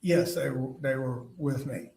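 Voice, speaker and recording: A man's voice: medium pitch, darkish tone, slight background noise. Man testifying in an echoey courtroom. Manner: halting, with frequent fillers and restarts. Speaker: witness testifying at trial. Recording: echoey courtroom audio from far off.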